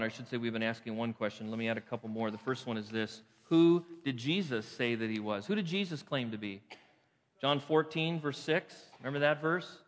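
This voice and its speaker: Earnest male pastor preaching in a reverberant hall. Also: medium pitch. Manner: earnest preaching with rising emphatic peaks and soft closing prayer. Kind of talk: sermon. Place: church sanctuary.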